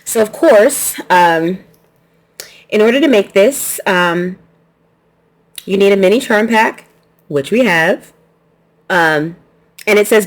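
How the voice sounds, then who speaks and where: A woman's voice: medium pitch, slow pace, long pauses. A woman hosting her quilting channel, chatting casually through an unboxing, laughing easily and restarting her sentences.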